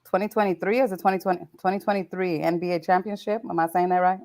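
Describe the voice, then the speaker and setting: Low-voiced woman co-hosting a chatty podcast. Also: steady tone, fast, a little mellow. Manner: laughs often, riffs on the headlines she reads. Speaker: podcast co-host reading news stories. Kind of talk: casual chat.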